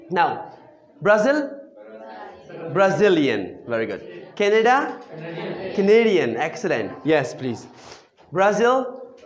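An English teacher running a classroom drill, asking questions and answering them, repeating simple phrases, and praising often with "very good" and "excellent.". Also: medium pitch. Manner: patient call-and-response questioning with frequent praise.

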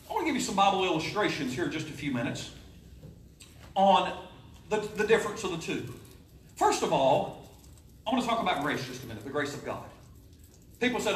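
A pastor, preaching a folksy, joking sermon in a church. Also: male voice, high voice, very animated, quick pace, a little hiss or hum. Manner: folksy, joking preaching with sudden loud rises. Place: church sanctuary. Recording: echoey church, voice from a distance.

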